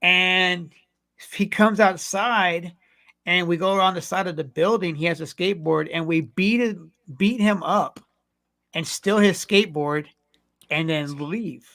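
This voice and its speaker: A man co-hosting a podcast, telling a long rambling story full of swearing. His voice sits high, with a gravelly edge. The tone is bright and sharp. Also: a little slow. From California. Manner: profane, rambling anecdotes. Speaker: podcast co-host. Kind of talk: casual storytelling.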